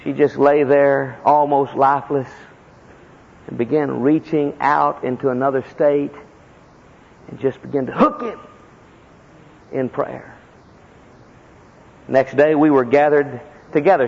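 A man preaching a sermon as a personal story, impassioned, with sudden leaps in pitch and heavy emphasis. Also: fairly even intonation, a little slow, gravelly, pauses often, a little mellow. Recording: echoey hall, dull lo-fi sound.

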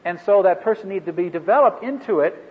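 A man leading a ministry training workshop for a live group, talking in a halting way with many fillers and restarts. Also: high voice, lively intonation. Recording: echoey hall over a phone-like line.

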